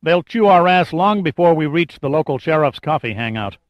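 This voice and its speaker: A man's voice: on the high side, lively intonation, moderate pace, no echo, voice pushed up, natural voice. A man doing a sardonic, gloomy sidekick. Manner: dry, sardonic, mock-weary. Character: wisecracking, gloomy male sidekick. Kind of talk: audiobook character voice. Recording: dull lo-fi dry recording.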